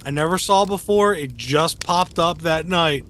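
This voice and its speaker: A man co-hosting a podcast, telling stories in an animated, casual way with lots of fillers and swearing. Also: a little high, unhurried, a little hiss or hum. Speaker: podcast co-host. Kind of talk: casual chat.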